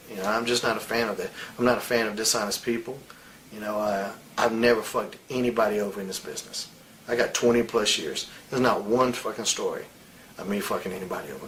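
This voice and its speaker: A man's voice: on the low side, a bit bright, slight background noise, low-quality recording. A man in his forties in a candid interview, telling stories bluntly, with a lot of swearing and real heat. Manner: blunt, profane, heated storytelling. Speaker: interviewee, wrestler.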